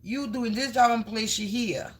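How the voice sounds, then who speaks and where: A woman's voice: a little high, fairly quick, lightly acted. A woman briefly voicing God as a commanding divine figure, repeating the same command insistently in a casual way.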